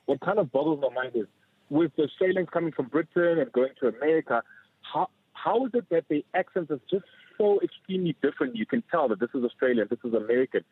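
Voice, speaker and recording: A man's voice: fairly high pitch, lively intonation, fast, husky. Man calling over a phone line. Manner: curious, hesitant, filler-heavy questioning. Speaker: caller. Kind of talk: radio call-in question.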